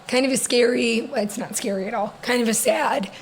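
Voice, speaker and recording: A young woman with a slightly high voice co-hosts a casual podcast with her sister. She tells everyday stories with animated energy and laughs often. A faint noise sits under the recording. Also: vocal fry, low-quality recording. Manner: animated storytelling, quick laughs. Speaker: podcast co-host.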